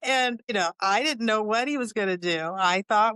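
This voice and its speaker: Sixties woman host, chatty and wry, smooth clear tone, dry close-mic. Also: a little high, animated, moderate pace, sharp tone, dry recording. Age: 60s. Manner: humorous and candid, laughs often, chatty asides. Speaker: podcast host. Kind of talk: candid storytelling.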